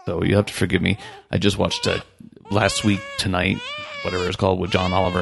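A man's voice: low voice, completely flat delivery, fast, gravelly, crowd noise. A man hosting a business podcast, ranting bluntly and frankly in a casual way. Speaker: podcast host. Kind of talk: casual opinion podcast talk.

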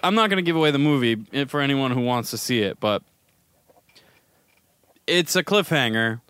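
Man with a clear, dry voice, chatting. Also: mid-range voice, animated, moderate pace, fairly bright tone, no room sound. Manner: rambling, profane, jokey. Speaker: podcast co-host. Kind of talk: casual chat.

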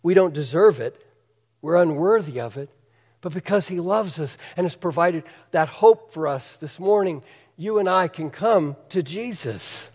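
A male pastor delivers a sermon with a high voice. He preaches in an earnest, conversational, emphatic manner, and a long reverb trails each phrase. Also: darkish tone.

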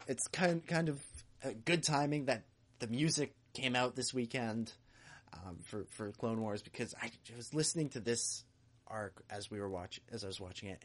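A man's voice: medium pitch, fairly bright tone. A man co-hosting a fan podcast in casual chat, laughing often and restarting his sentences. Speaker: podcast co-host.

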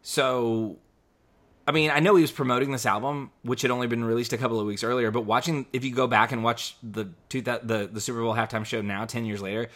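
A man co-hosting a podcast in a relaxed, talky way. His voice sits at a middle pitch, and he restarts his sentences often while he works toward his point. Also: fast talker. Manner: rambling, many restarts and "like"s. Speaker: podcast co-host. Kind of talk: casual podcast chat.

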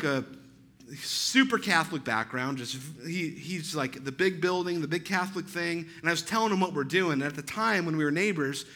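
A man's voice: on the high side, bright, forceful tone. A male pastor telling a story in a sermon, chatty and self-deprecating, with frequent "right?" asides.

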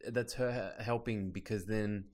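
A man's voice: fairly low pitch, fairly even intonation, unhurried, a little mellow. A young man co-hosting a podcast in casual chat, rambling and restarting his sentences. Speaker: podcast co-host.

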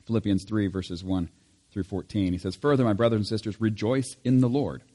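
A man serving as pastor, leading a church service with prayer and scripture reading, reading in a measured way and lifting his voice on key lines. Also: fairly low pitch, fairly even intonation, warm tone, long reverb tail. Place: church sanctuary.

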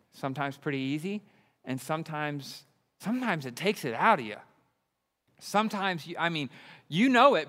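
Excitable preacher man in reverberant hall. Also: on the high side. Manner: enthusiastic, excitable. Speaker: pastor. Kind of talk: sermon.

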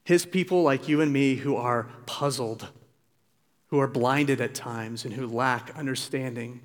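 Earnest male pastor preaching in a hall. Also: a little high. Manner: earnest, pleading, emphatic preaching. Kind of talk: sermon. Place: church sanctuary. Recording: long reverb of a church hall.

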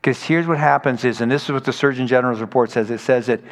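A man's voice: mid-range voice, fast. A man preaching a sermon in a conversational, storytelling way, acting out quoted people as he goes. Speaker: pastor. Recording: long hall reverb.

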